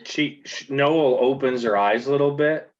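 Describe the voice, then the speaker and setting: A man narrating a tabletop game as game master, in a relaxed, halting way. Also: mid-range voice, dull audio.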